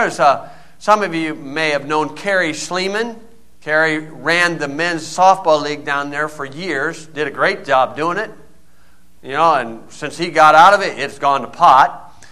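Pastor with a bright, forceful voice. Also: male voice, a little high. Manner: folksy storytelling, quoting voices in anecdotes. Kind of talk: sermon.

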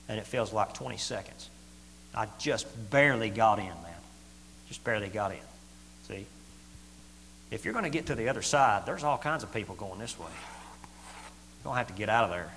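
A middle-aged man preaching a sermon in a folksy, plain-spoken way, swinging from loud to quiet. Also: lowish voice, animated, moderate pace, gravelly, pauses often. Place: church hall. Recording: echoey hall with faint hum.

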